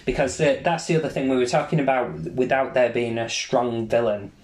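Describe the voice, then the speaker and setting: A man co-hosting a podcast, with a mid-range voice and an excitable, sweary delivery. He keeps jumping into impressions of film lines. The recording has a noticeably echoey room sound. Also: medium pitch, brisk. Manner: animated, swears freely, acts out film quotes. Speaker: podcast co-host. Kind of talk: casual chat.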